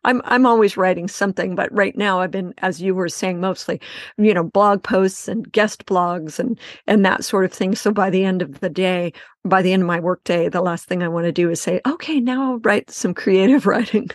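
A woman's voice: on the low side, steady tone, normal speed, no echo, clean studio sound. A middle-aged woman, a guest author and editor, talking in a chatty, rambling way. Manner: chatty, many fillers and restarts, laughs easily. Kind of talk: casual interview chat.

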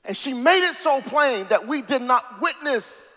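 Very high-voiced male preacher in a reverberant hall. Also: lively intonation. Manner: sing-song preaching cadence, swinging from hushed to shouted; drawn-out pauses on key words. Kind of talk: sermon.

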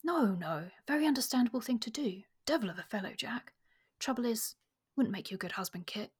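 A woman reading as a bashful young gentleman suitor. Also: on the high side, animated, brisk, husky. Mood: earnest. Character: young gentleman suitor, plain-spoken, slangy.

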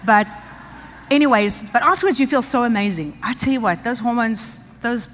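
Laughing woman preacher telling stories, kinda high voice, echoey big hall. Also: normal speed, a bit bright, a little hiss or hum. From South Africa. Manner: chatty, laughing often, many restarts. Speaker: pastor. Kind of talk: sermon with personal story. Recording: long reverb of a large hall.

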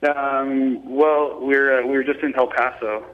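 A young man, a touring band musician, chatting as an interview guest in a halting way, often repeating words and poking fun at himself. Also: medium pitch, flat delivery, narrow, tinny audio. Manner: halting, repeats words, laid-back and self-mocking. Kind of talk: casual interview chat.

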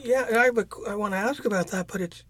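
A man's voice: high voice, fast, a bit bright, a little hiss or hum. A man hosting a casual interview, chatting loosely and circling back on his own thoughts. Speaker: podcast host.

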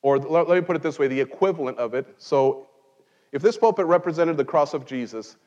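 A man's voice: fairly high pitch, brisk, darkish tone, big-room sound, lo-fi sound. A man who grew up in Mexico, preaching a conversational sermon from a pulpit in church and mixing in wry jokes. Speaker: pastor.

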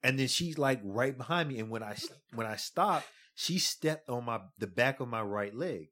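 A man's voice: medium pitch, moderate pace. A young man casually telling a story among friends, swearing freely and acting out what people said. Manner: animated storyteller, swears a lot, acts out quotes loudly. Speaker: podcast co-host telling a story. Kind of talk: casual chat.

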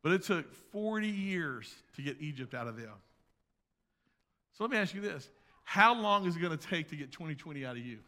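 A man preaching a sermon as pastor, swinging between loud emphasis and hushed asides, recorded in a church sanctuary. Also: fairly high pitch, animated, fairly quick. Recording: long reverb of a large hall.

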